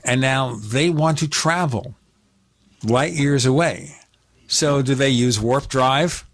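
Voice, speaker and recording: A man's voice: mid-range voice, slow. Talk radio host man. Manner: conversational, steering questions. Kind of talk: talk show interviewing and ad read.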